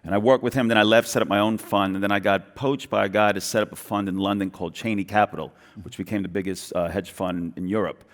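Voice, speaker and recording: A middle-aged man with a Brooklyn New York accent, telling his business story on a conference stage in an animated way, acting out other people's lines and restarting his sentences quickly. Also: fairly low pitch. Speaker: guest entrepreneur. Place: large event hall stage. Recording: reverberant conference hall.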